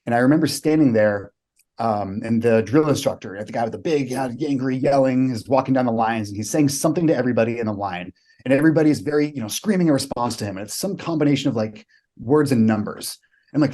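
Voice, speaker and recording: This fast-talking man has a warm, mid-range voice. As a guest on a podcast, the American coach recounts stories with vivid emphasis and doesn't hold back on swearing.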